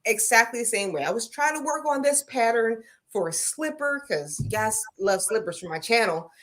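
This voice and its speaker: An American woman in her forties chats in an easygoing way, telling stories and reading viewers' comments aloud. Her voice is slightly high for a woman. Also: moderate pace. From Pennsylvania, US. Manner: relaxed, storytelling, reads viewer comments. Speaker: co-host, crochet creator. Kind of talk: casual livestream chat.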